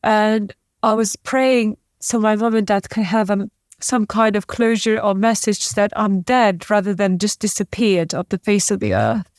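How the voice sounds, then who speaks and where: A woman's voice: mid-range voice, steady tone, dry recording. Tearful woman with a dry close sound. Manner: halting, emotional retelling with many restarts. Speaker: podcast guest. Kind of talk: emotional interview storytelling.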